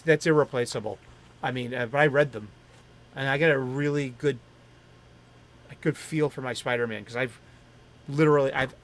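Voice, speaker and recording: A middle-aged man from the Boston area hosts a comics talk stream, chatting in a rambling, enthusiastic way and often stopping to correct himself. His voice is medium-pitched, with slight background noise.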